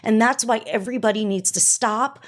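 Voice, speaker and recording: A woman's voice: a little high, brisk. Blunt, emphatic middle-aged woman co-host. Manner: blunt, emphatic, repeats punchlines. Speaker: podcast co-host, mother. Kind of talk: casual chat.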